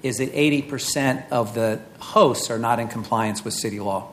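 A man serving as a city official, speaking in a measured way at a hearing and insisting on his point when interrupted. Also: medium pitch, a bit bright.

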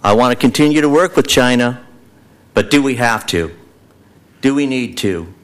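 A man's voice: mid-range voice, lively intonation, normal speed. A man giving earnest, repetitive public testimony full of rhetorical questions. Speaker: public commenter at a city council meeting.

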